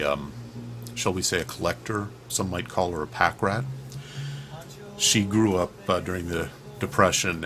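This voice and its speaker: A man's voice: sits low, noisy background. A man vlogging from his own room, rambling through a personal monologue that digresses, swears and is full of fillers and restarts. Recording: clear music behind the voice.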